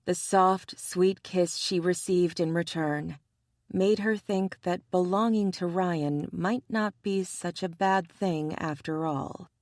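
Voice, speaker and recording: A woman narrating an audiobook romance in a measured, even reading style. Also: on the low side, dry recording, studio quality. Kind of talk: scripted narration.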